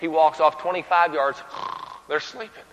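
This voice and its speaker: A man's voice: fairly high pitch, moderate pace, big-room sound, poor audio. A man preaching a sermon with humor, telling stories and acting out the people in them. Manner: animated, humorous storytelling with acted voices.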